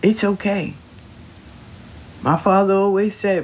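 A man's voice: a little high, animated, a little slow, long pauses, husky. A man giving a casual, colloquial spiritual pep talk, reassuring the listener and repeating his phrases. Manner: colloquial, slangy. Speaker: motivational speaker.

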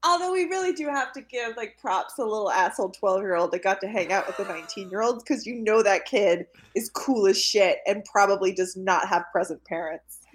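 A woman's voice: medium pitch, a little fast, hardly any pauses. A woman co-hosting a casual film podcast, blunt and sarcastic, swearing freely. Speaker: podcast co-host. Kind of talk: casual movie discussion.

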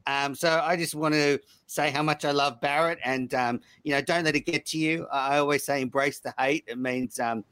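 A man hosting a casual cricket podcast, talking in a relaxed, chatty way with plenty of fillers. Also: on the high side, normal speed, hardly any pauses, clear, resonant tone, no room sound. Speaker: podcast host.

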